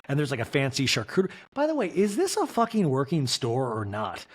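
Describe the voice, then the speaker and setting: A man's voice: mid-range voice, huge pitch swings, fairly quick, husky. A young man hosting a comedic reality TV recap podcast, riffing with exasperation and lots of laughter, his voice getting worn out. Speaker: podcast host.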